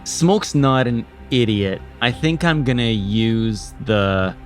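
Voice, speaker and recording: A man's voice: mid-range voice, slow, soft background music. A man playing a tabletop game, talking casually and joking about his character. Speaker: player.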